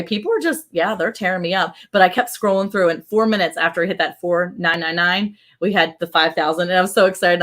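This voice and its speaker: A woman hosting a casual livestream from a ranch home, chatty and excited and laughing often. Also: lowish voice. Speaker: livestream host.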